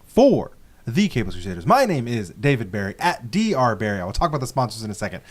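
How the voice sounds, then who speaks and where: An enthusiastic man hosts a casual comics podcast, plugging shows and sponsors with energy. His pitch moves around a lot as he talks. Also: fast talker. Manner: enthusiastic, animated plugs. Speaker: podcast host.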